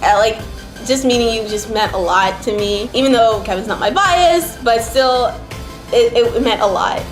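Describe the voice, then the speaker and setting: A woman's voice: a little high, expressive, normal speed. A young woman from New Jersey chatting casually as a vlogger, rambling and emotional, filling her talk with "like". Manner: rambling, emotional, heavy use of "like". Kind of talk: casual chat. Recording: roomy echo, faint background music. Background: faint background music.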